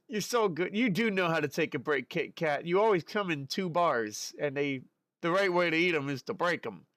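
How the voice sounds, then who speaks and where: A man's voice: fairly high pitch, fairly bright tone, dry recording. A male streamer chatting casually and playfully with his live chat while he works at his desk.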